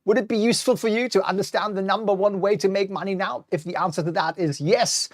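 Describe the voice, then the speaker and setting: A man's voice: sits high, steady tone, fast talker, no room sound, studio quality. A middle-aged man hosting a live-streamed stock market talk, chatty and wry, reading out viewer comments as he goes. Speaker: host.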